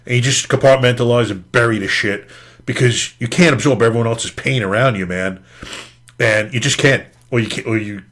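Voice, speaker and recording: A man's voice: medium pitch, normal speed, a bit bright. A middle-aged man, a podcast host and retired police officer, tells his personal story in an interview. He talks candidly and earnestly, swears casually and often says "man".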